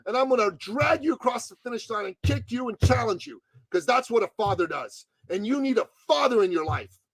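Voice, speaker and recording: A man telling a story as a podcast guest and business coach, talking in a forceful, emphatic, preachy way. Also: extremely high pitch, breathy edge, no echo, poor audio.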